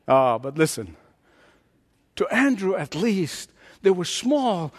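High voiced pastor preaching, booms then goes quiet, long echo of a big hall. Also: male voice, sing-song, takes it slowly, pauses often. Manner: dramatic preaching, swings from booming to hushed. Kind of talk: sermon.

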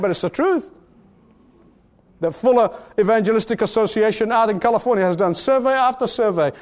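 A man with a notably high voice preaches a sermon from the pulpit. He drives home his points with repeated phrases that climb in pitch and force. At moments he drifts a little farther from the mic. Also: darkish tone. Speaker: pastor.

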